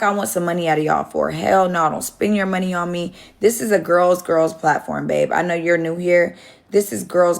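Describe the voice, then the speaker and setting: A young woman talks to her followers on a phone live stream, rambling candidly and swearing freely. Her voice sits low and has a gravelly fry to it. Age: young adult. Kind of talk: casual live-stream storytelling.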